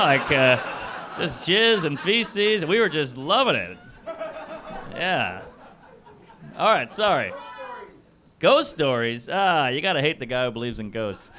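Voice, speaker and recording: A man's voice: fairly high pitch, bright, forceful tone. A man doing improvised stand-up comedy in a club, riffing crudely at speed and chuckling at his own jokes. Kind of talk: improvised stand-up off audience suggestions. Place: comedy club stage before a live audience.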